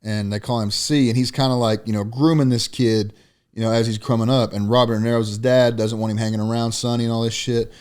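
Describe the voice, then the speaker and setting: Young dude cohosting a sports podcast, lots of swearing, super animated, mid pitch. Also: male voice, fast, clean tone. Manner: profane, animated storytelling, often says "dude". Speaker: podcast co-host. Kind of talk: casual sports chat.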